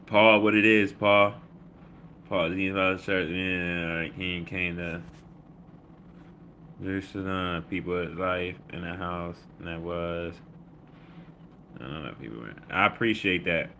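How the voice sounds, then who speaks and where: Low, bright-voiced man. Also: fairly even intonation, slow, long pauses, a little hiss or hum. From Baltimore. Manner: loose, slangy, reads chat comments aloud with shout-outs. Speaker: livestream host. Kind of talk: casual livestream chat.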